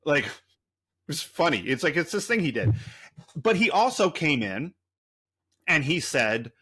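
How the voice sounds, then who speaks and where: A man's voice: a little high, very animated, measured pace, sharp tone, breathy edge. A man co-hosting a podcast, rambling through a story in a loose, profane, casual way. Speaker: podcast co-host.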